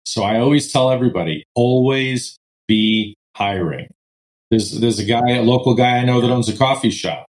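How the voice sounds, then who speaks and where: Male guest, business owner, relaxed storyteller. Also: medium pitch, fast talker, few pauses, low-quality recording. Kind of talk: casual interview chat.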